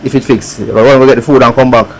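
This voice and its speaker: A man with a Jamaican accent talks loosely through a repair on a live stream, answering viewers and musing as he works. His voice sits at an ordinary middle pitch. A faint hum stays in the background. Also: fairly even intonation, fast talker, low-quality recording. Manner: chatty, reads viewer comments aloud, thinks out loud. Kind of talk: casual live-stream chat while working.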